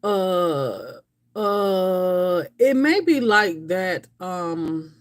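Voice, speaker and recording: A woman's voice: lowish voice, lively intonation, extremely slow. A woman hosting a casual livestream, chatting and rambling straight to her viewers. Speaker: livestream host. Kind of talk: casual chat with live viewers.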